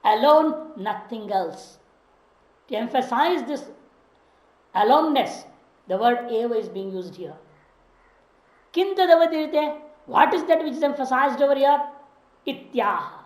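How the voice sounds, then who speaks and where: A woman's voice: high-pitched, expressive, unhurried, long pauses, reverberant, low-quality recording. A woman teaching a scripture class, reciting Sanskrit phrases and explaining them word by word in English. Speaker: Vedanta teacher.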